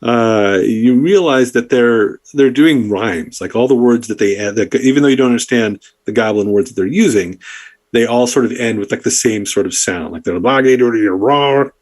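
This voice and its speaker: A man's voice: mid-range voice, normal speed, darkish tone. A man narrating a tabletop game as dungeon master, loose and rambling with many fillers.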